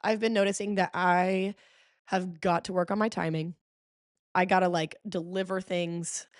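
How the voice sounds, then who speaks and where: A woman hosting a podcast in casual chat, telling stories expressively, full of "okay?" and "like", with sudden jumps in pitch. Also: fairly even intonation, moderate pace, no room sound, studio quality. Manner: frequent fillers like "okay?" and "like". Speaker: podcast host.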